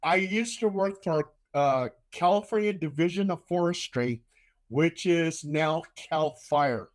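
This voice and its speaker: An older man hosting a casual chat, telling a story with animation and loudly acting out the lines he quotes. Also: on the high side, measured pace.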